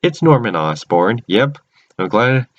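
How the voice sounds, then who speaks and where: A man's voice: mid-range voice, sing-song, a little slow. A man casually recapping cartoon episodes, rambling and often restarting or correcting himself mid-sentence. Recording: dull lo-fi recording.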